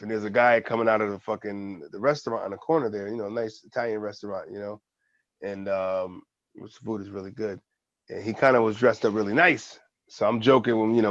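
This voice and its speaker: A man's voice: lowish voice, dry recording, muffled recording. A man co-hosting a casual podcast, telling a long funny story, swearing often and laughing. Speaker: podcast co-host.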